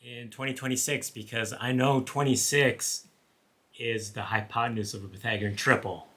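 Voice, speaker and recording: A man who once taught high school math, co-hosting a casual chat and rambling with frequent restarts. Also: steady tone, normal speed, pushed and bright. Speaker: former high school math teacher, co-host.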